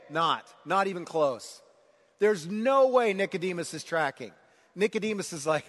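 Animated male pastor preaching in a hall. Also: a little high, moderate pace. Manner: animated, builds to emphatic preaching. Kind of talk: sermon. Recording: long hall reverb.

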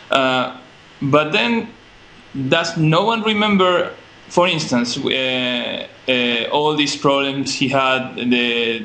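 A man's voice: medium pitch, pushed and bright, slight background noise, low-quality recording. A man from Argentina sharing strong opinions in casual podcast talk, hesitant, with many fillers and restarts. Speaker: podcast co-host. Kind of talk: casual conversation.

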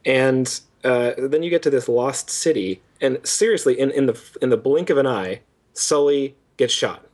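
A young man co-hosting a casual game review chat, animated and mocking characters' lines in exaggerated voices. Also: mid-range voice, normal speed. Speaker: podcast co-host.

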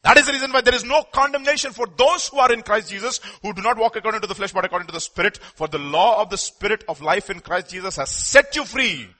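A male preacher with a bright, somewhat high voice delivers a sermon. He reads scripture aloud and throws questions to the congregation. His delivery swings between ringing declarations and hushed, confiding asides. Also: fast talker, few pauses.

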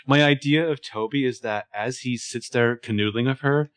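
A man's voice: medium pitch, normal speed, clean tone, dry recording. A man co-hosting a casual recap chat, sharing his readings and theories. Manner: chatty, shares readings and theories. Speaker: podcast co-host.

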